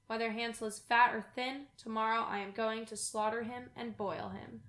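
A woman's voice: on the high side, fairly even intonation, normal speed, a bit bright, close to an everyday voice. A woman voicing a scornful, cruel old witch in a read-aloud fairy tale, recorded with room echo. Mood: gloating.

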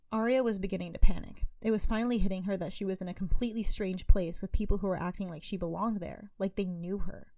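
A woman reading her own short story aloud with lively narration. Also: medium pitch, quick pace, hardly any pauses, dry recording.

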